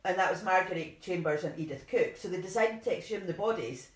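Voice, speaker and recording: A woman's voice: fairly low pitch, expressive, brisk. Woman, podcast co-host, chatty and self-deprecating, roomy home recording. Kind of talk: casual chat, reading case notes.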